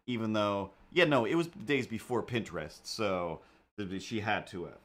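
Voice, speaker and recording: A man's voice: fairly low pitch, moderate pace, fairly bright tone. Man rambling through a drawing stream. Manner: mumbling to himself, playful asides. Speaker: live-stream artist host. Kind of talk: rambling live-stream chat while drawing.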